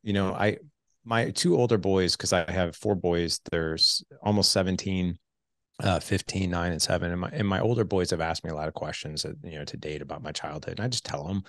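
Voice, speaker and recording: A man in his forties, a podcast guest telling his story in casual conversation, animated and acting out quoted dialogue. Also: low voice, a little fast, dry recording, studio quality. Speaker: podcast guest, fatherhood coach.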